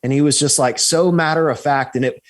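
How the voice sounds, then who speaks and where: A man, a guest on a podcast, telling a story in a lively way, often checking in with "right?" and restarting his sentences. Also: a little high, brisk. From United States. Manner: animated, repeats "right?" and restarts. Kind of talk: storytelling in an interview.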